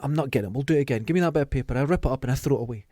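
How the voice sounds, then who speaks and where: A man's voice: mid-range voice, very fast, no room sound. Scottish man telling stories, dry close sound. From Scotland. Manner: animated storyteller acting out quotes. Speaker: podcast host. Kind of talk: casual chat.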